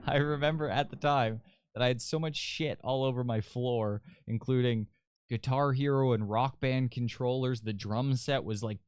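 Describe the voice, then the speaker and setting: A man's voice: mid-range voice, darkish tone, clean tone, dry recording, studio quality. A young man hosting a podcast, telling a story in a loose, rambling, profane way. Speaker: podcast host. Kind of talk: casual storytelling.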